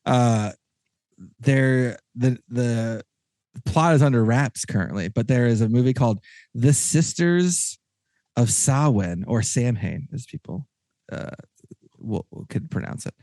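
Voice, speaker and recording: A man hosting a casual podcast chat with a Texan accent, rambling and excitable, with many restarts. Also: mid-range voice, a little slow, long pauses, dry recording, studio quality. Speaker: podcast host.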